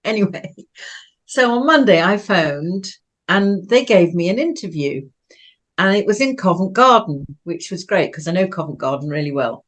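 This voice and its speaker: Woman around 70, from Manchester, rambling life story, frequent laughs, slightly low pitch. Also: animated, normal speed. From Manchester, England. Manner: chatty, rambling, laughs often. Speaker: interview guest, artist. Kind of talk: personal storytelling.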